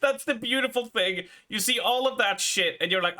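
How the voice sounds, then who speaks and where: A man's voice: sits high, brisk, hardly any pauses, pushed and bright. A man streaming live and reacting casually to a video, often laughing.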